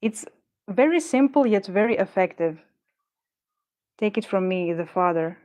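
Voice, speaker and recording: A woman's voice: mid-range voice, lively intonation, unhurried, darkish tone. A woman chats loosely to viewers while making jewelry at her desk. She rambles and wanders off on tangents, talking herself down whenever the work frustrates her. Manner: rambling and chatty, talks herself through frustration. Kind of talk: casual chat while crafting.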